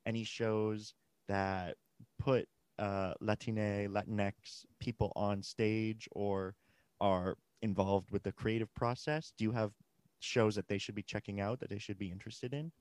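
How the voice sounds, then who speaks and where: Low-voiced male podcast host, dry sound. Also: fairly even intonation, a little mellow, smooth, dry recording. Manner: measured, long framed questions. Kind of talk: interviewing.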